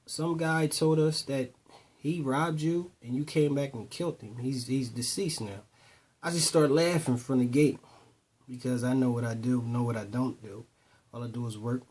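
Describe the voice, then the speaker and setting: A man's voice: a little slow, a little mellow. A man casually telling personal stories to young listeners, acting out the dialogue. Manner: conversational, retells dialogue in voices, repeats "boom". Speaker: storyteller addressing youth. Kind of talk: casual spoken storytelling.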